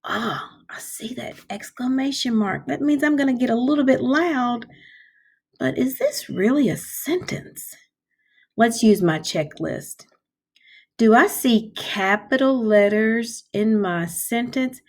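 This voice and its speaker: A woman teaching kindergarten, talking slowly and clearly in a sing-song voice and stretching out the hard words. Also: on the high side, lively intonation, a little mellow. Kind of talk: slow, clear classroom instruction for young children.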